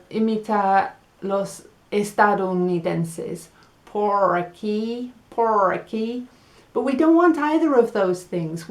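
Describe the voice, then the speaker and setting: A woman with an English accent teaching a Spanish lesson, speaking slowly and repeating words so learners can practise them. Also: medium pitch, a little mellow, echoey room. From England. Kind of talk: language lesson.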